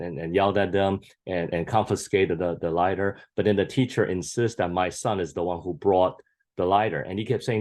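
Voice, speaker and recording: Earnest middle-aged pastor, stammering restarts. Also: male voice, lowish voice, darkish tone. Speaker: senior pastor. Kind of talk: teaching anecdote in panel talk.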